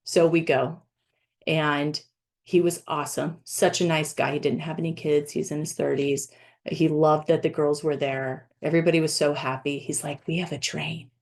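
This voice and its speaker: A woman from Florida, a life coach, telling a personal story in a casual, animated way and breaking into excited laughs. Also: low voice, normal speed.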